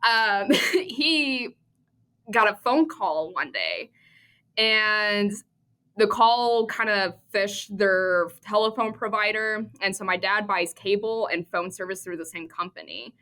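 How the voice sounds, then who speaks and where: Woman, Midwest-raised, podcast guest, lively storytelling, laughs often, bright tone. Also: mid-range voice, slow pace. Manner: lively anecdotal, frequent laughter. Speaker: cybersecurity expert guest.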